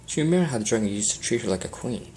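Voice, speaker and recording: A man's voice: medium pitch, animated, rapid-fire, darkish tone, a little hiss or hum, rough recording. A man narrating fan fiction in a plain amateur reading style, with small slips.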